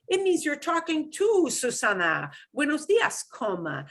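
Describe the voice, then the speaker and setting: A woman teaching an online class, animated and quick to laugh. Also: high-pitched. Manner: animated, punches stressed syllables, laughs easily. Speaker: Spanish teacher.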